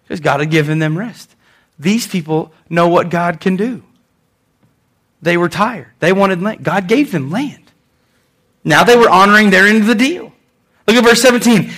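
A man with a high voice preaches a sermon with lots of energy. He swings between loud, emphatic lines and quieter ones, and he repeats his phrases to drive a point home. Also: normal speed, long pauses. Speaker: pastor.

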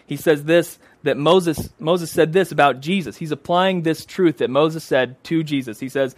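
A man's voice: fairly high pitch, normal speed, few pauses, no room sound. A man preaching a sermon, emphatic and repeating phrases for stress.

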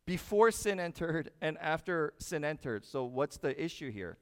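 Animated male pastor in an echoey hall. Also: on the high side, normal speed, hardly any pauses, clean tone. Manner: animated preaching, rhetorical questions, swings between loud emphasis and quiet asides. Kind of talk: sermon. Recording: echoey hall with long reverb.

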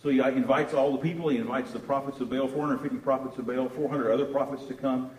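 Animated man preaching in echoey hall. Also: medium pitch, quick pace. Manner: animated storytelling, repeats words while searching. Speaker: pastor. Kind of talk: sermon. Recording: echoey room from far off.

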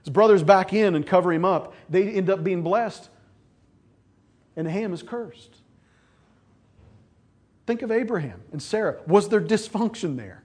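A man preaching a lively sermon who acts out the voices of scripture figures as he tells the story. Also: high-pitched, unhurried, long pauses. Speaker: pastor.

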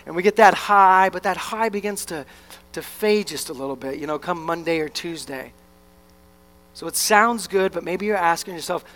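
A young male pastor preaching with a high voice. He is animated and slips into the voices of his listeners and of Jesus as he goes. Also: normal speed. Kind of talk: sermon.

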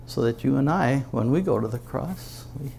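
Gravelly-voiced pastor preaching to his church, earnest, lots of pauses, bit of hiss. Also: mid-range voice, lively intonation, a little mellow. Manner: earnest, emphatic, with dramatic pauses. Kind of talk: sermon. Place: church before a congregation.

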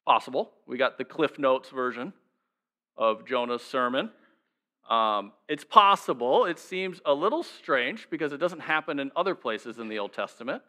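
Bright-voiced male pastor preaching conversationally. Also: medium pitch, expressive, moderate pace. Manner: conversational, asks the congregation rhetorical questions. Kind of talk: sermon.

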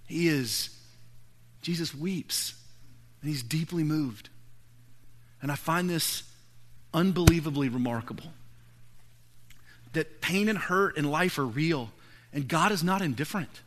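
A man preaching a sermon, earnestly building to pointed rhetorical questions and then falling to a hushed, quiet delivery. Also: on the high side, a little slow, long pauses. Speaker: pastor.

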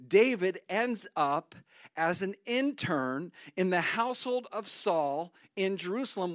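A man preaching a sermon, telling a Bible story with lively acted-out quotes. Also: sits high, dry recording. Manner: animated storytelling, acts out quotes. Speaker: pastor.

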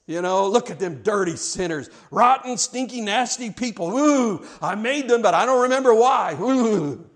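A man voicing a disdainful, aloof God who sneers at humanity with drawn-out groans of disgust. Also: high-pitched, expressive, pitched above the performer's own voice. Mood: sneering. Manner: squeamish, mocking, drawn-out "ooh"s. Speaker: pastor.

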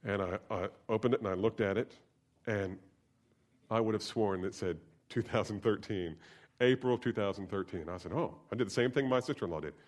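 This preacher has a lowish voice and speaks fairly quickly. During his sermon he shares a story from his own life, moving back and forth between hushed, gentle remarks and booming, emphatic passages.

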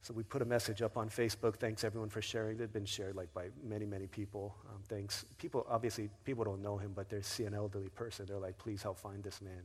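A man's voice: on the low side, little pitch movement, fast, hardly any pauses, breathy edge. A man preaching a sermon, telling a personal story in a conversational way and briefly acting out the voices of the people in it. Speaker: pastor. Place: church sanctuary. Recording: long reverb of a large hall.

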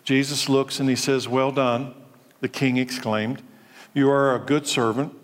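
Guy preaching a sermon, mid-pitched voice, pounding on questions, big echoey church hall. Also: level tone, measured pace. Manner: emphatic preaching with rhetorical questions. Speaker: pastor. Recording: long reverb of a large hall.

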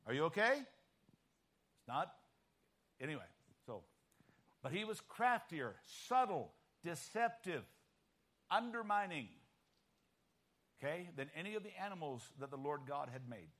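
A man's voice: fairly high pitch, very animated, unhurried, pauses often, a bit bright. A man preaching a sermon emphatically and often checking in with his listeners.

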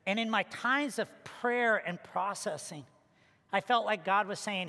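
Bright-voiced pastor preaching. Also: male voice, high voice, unhurried, vocal fry. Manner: storytelling with humorous asides and rhetorical questions. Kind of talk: sermon. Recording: echoey hall reverb.

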